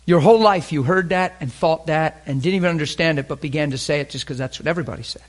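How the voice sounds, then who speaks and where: Fast-talking and fairly high-pitched, this male preacher pours open emotion into his sermon. He questions the congregation and shifts between loud, emphatic lines and soft near-whispers.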